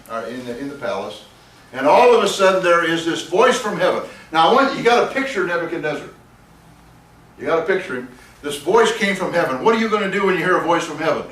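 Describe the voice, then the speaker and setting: A man teaching a Bible class, chuckling and animated as he tells the story and reads scripture aloud. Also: sits high, a little hiss or hum. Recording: echoey room, voice from a distance.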